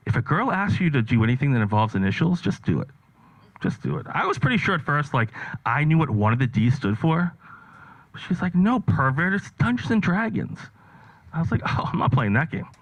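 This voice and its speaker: A man's voice: mid-range voice, big pitch swings, brisk, no room sound, poor audio. A man performing a stand-up set, telling stories in a rambling, offhand way with lots of fillers. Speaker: stand-up comedian.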